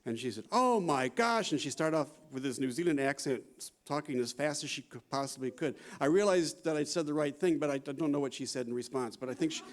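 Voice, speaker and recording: A man's voice: mid-range voice, fast talker, hardly any pauses. A man in his sixties gives a conversational conference talk as a psychology professor, often adding "you know" and "right?" and laughing. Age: 60s. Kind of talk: conference lecture.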